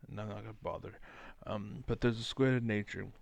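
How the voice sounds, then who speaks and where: Gravelly, rambling man. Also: lowish voice, steady tone, a little fast, no echo. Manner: profane, rambling, full of fillers. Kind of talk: casual rant to camera.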